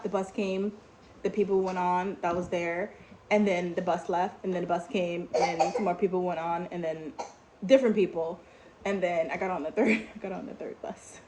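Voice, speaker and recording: A young woman with a New York accent telling a story in a casual vlog, animated and full of fillers as her outrage builds. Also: medium pitch, low-quality recording. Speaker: vlogger. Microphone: phone. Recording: faint background noise.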